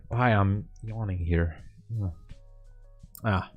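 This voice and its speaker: In this clip a day trader comments on his live trades, talking to himself in a muttering, joking way laced with sighs and fillers. His voice is low-pitched and a little slow, with soft background music.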